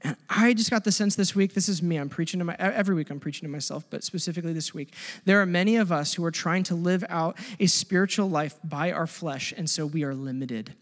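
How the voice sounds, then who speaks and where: A male pastor preaching a sermon, impassioned, swinging between loud pleading and hushed intensity. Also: fairly high pitch, a little fast, big-room sound.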